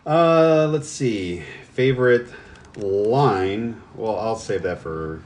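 A man's voice: on the low side, expressive, takes it slowly, a little mellow. A man co-hosting a podcast in casual chat, hesitant, with many fillers and restarts. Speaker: podcast co-host.

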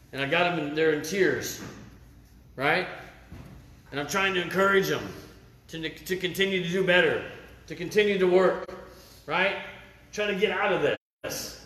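A middle-aged man gives a sermon in a relaxed, conversational way, telling stories from his own life and checking in with the crowd by asking "right?" His voice sits a little high for a man. The hall around him gives a noticeable echo. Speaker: lay preacher. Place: camp meeting hall.

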